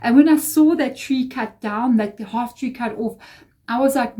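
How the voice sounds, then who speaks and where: A woman's voice: a little high, moderate pace, dark tone. A woman giving a casual tarot reading, rambling and confiding with emotional asides. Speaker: tarot reader.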